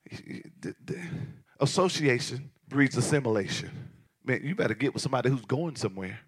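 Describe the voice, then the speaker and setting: A male pastor preaching a passionate sermon, swinging from shouted lines to hushed asides. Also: mid-range voice, lively intonation, a little fast, slightly rough.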